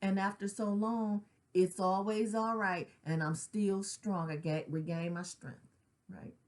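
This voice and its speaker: In a steady, mid-range voice that's a little slow, a middle-aged woman who works as a grief counselor opens up about her own loss. It's a personal, earnest spoken reflection, casual in its slang and punctuated by frequent "right?"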